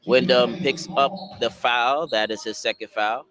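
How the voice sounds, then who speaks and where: A man calling basketball play-by-play, brisk and excitable as he follows the action. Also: mid-range voice, a crowd in the background, poor audio. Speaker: play-by-play announcer.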